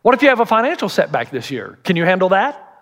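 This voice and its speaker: Man, pastor, higher voice, middle-aged, humorous preaching, sermon style. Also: huge pitch swings, fast, fairly bright tone.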